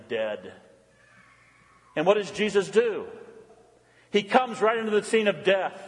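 A male pastor preaching a sermon, swinging between loud, animated lines and hushed, quiet ones. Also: sits high, big-room sound.

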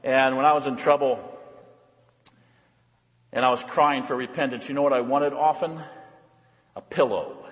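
A man's voice: mid-range voice, moderate pace, pauses often, long reverb tail. A man preaching a Lent sermon, earnest and pleading, sometimes putting on mocking quoted voices. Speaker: pastor.

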